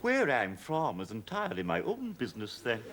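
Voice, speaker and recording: A stern, grumpy accountant who speaks curtly and with open disapproval. His is clear, and his voice swings sharply in pitch. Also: huge pitch swings, moderate pace, fairly bright tone. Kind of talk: 1970s sitcom acting.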